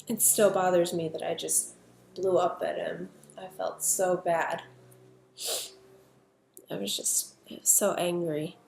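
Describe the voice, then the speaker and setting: A middle-aged woman narrates a personal story, pausing and restarting as she reflects. Her voice has a gravelly fry, and it sits in an echoey room with a faint hum of noise behind it. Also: fairly low pitch, level tone, darkish tone.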